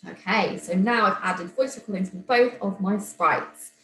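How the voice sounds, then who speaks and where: A woman's voice: medium pitch, moderate pace, bright, forceful tone. A woman teacher patiently walking young pupils through a demonstration, step by step. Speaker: primary school teacher. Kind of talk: remote classroom demonstration. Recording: echoey room, faint hum.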